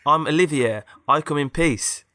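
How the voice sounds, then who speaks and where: A man's voice: on the high side, normal speed, bright, forceful tone, no echo, voice pushed up. A man voicing a polite, formal French robot in a spoken story. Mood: friendly. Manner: courteous, formal.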